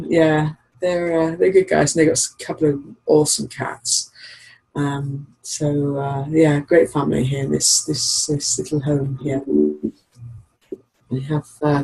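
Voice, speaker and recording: A chatty woman talking casually on an online call, her voice gravelly and a little husky. She rambles along and laughs easily. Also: deep voice, warm tone, rough recording. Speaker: regular sharer on a call-in show.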